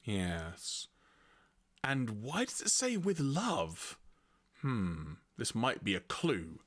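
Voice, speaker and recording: A man streamer reading game dialogue in a deadpan way, with joking asides, alongside his co-host. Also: mid-range voice, very slow, slight background noise. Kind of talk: casual game-playing chat.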